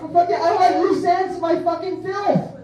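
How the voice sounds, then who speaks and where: A man's voice: very high voice, steady tone, fairly quick, crowd noise. Profane, rambling male comic. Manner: profane, rambling, laughs at his own jokes. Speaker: stand-up comedian. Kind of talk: stand-up set. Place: comedy club stage. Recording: echoey club from far off.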